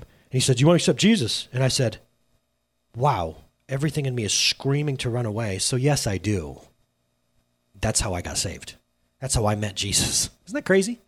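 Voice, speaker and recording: A man in his thirties, a pastor giving a lively sermon, acting out stories in quoted dialogue. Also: mid-range voice, slightly rough. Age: 30s. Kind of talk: sermon with storytelling. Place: church sanctuary.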